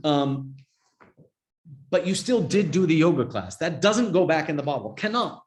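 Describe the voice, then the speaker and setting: A man's voice: a little high, animated, normal speed. A man teaching a yoga and Buddhism class in a casual, chatty way, often checking in with "right?". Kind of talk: informal class talk.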